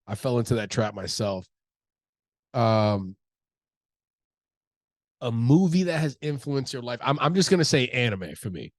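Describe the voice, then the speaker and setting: A man's voice: medium pitch, very animated, a little slow, pauses often, no echo. A man in his thirties, stuffy from allergies, talking casually and profanely in a loose, rambling way as a comedian hosting his own show. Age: 30s. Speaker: comedian podcast host. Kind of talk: casual solo talk.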